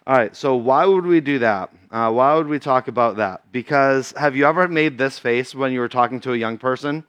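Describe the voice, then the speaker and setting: A man's voice: medium pitch, a bit bright, clean tone, no echo. A man from Massachusetts giving a casual talk as a guest speaker at a church, chatty and full of fillers.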